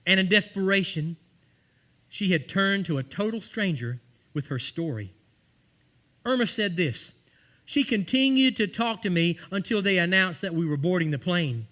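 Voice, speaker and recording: In a church sanctuary, a pastor with a high, slightly bright voice preaches a sermon, telling stories and acting out the voices of the people in them.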